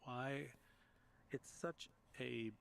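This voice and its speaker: A man's voice: medium pitch, drawn-out words, vocal fry, slight background noise. A man from Long Island being interviewed as a guest, talking through his story in a reflective, storytelling way with small restarts. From Long Island, United States. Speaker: guest, history podcaster and author. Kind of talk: conversational interview.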